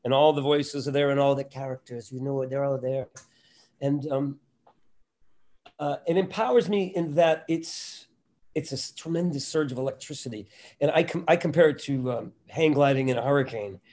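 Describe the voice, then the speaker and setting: A man's voice: medium pitch, moderate pace, a little mellow. A middle-aged man, a comedian and impressionist, talking animatedly and self-deprecatingly in an interview. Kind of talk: casual interview talk.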